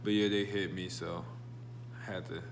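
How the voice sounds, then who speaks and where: A young man vlogging in a casual, slangy, laid-back way, telling stories with animated bursts. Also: sits low, normal speed, noisy background. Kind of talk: casual vlog chat.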